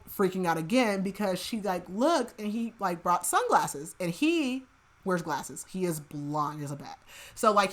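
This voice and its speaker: A woman hosting a podcast, recapping a book in casual chat, rambling with lots of filler "like" and dropping into soft murmured asides. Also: on the low side. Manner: rambling, heavy use of filler "like", chatty asides; laughs at her own remarks, drops to soft murmured asides. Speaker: podcast host.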